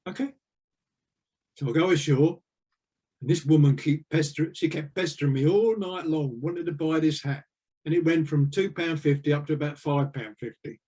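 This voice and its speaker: Speaking at a moderate pace in a warm voice on the high side, a retired navy veteran meanders through stories during an interview. The older man uses lots of fillers in this casual, anecdotal chat.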